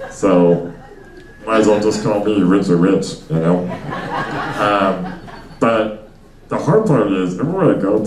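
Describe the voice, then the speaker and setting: A man's voice: sits low, darkish tone, slight background noise. A young man doing a stand-up comedy set, rambling loosely with lots of fillers and chatting with the crowd. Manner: rambling, loose delivery with many fillers and asides. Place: comedy club stage before a small audience. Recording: echoey room, miked from a distance.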